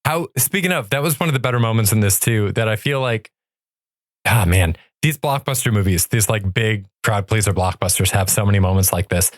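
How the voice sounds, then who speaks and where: A man's voice: fairly low pitch, expressive, fairly quick, dry recording, studio quality. A man co-hosting a podcast, riffing in a wry, sarcastic tone. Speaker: podcast co-host. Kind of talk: casual comedic chat.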